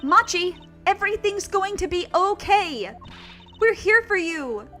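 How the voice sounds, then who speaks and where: A woman voicing a bubbly, upbeat teenage girl magician in a high, excitable voice, reading game dialogue aloud. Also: a little slow, faint music behind, exaggerated voice. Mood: cheerful.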